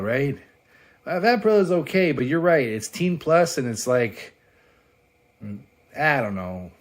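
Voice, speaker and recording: A man casually reviewing a comic book on his vlog, excitable and profane, laughing often as he flips through pages. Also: medium pitch.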